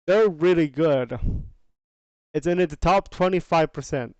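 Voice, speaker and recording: A man hosts a podcast, walking through sales numbers in a slow, easygoing, chatty way. His voice is fairly high and smooth. The sound is dry and a little dull. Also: a little mellow, dry recording. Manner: unhurried, chatty, restarts phrases, slangy asides. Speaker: podcast host. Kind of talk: casual podcast commentary on game sales data.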